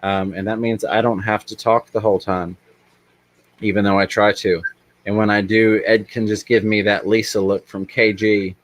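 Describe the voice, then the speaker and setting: A man's voice: lowish voice, flat delivery, moderate pace. A man hosting a casual livestream, reading chat aloud and rambling with many ums. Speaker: livestream host.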